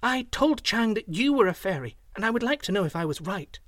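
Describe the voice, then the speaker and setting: A man's voice: sits high, expressive, moderate pace, dry recording, clean studio sound, voice pushed up. A man voicing a shy, eager little slave girl in a read-aloud fairy tale. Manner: simple, eager.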